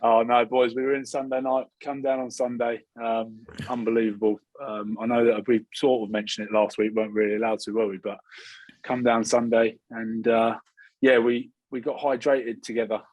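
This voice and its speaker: A man in his thirties from Scotland chats on a video call with a slightly husky voice. He rambles cheekily through his stories. The sound is dry and close, with little room behind it. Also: mid-range voice, flat delivery, normal speed, darkish tone, no room sound, muffled recording. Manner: cheeky, rambling banter with laughs. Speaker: rugby player, regular co-host. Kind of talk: casual chat.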